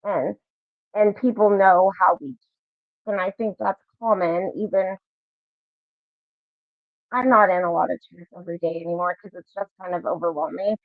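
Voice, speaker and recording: A woman's voice: on the low side, fairly even intonation, normal speed, long pauses, dry recording. A woman hosting a livestream, talking in a loose, friendly, reassuring way in casual chat. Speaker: livestream host. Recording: tinny dry call audio.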